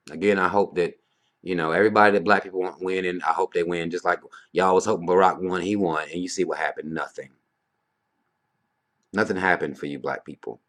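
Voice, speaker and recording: A man's voice: low-pitched, fairly bright tone. A man ranting bluntly to camera in a vlog, heated and profane, firing off rhetorical questions. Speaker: vlogger. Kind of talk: casual rant to camera.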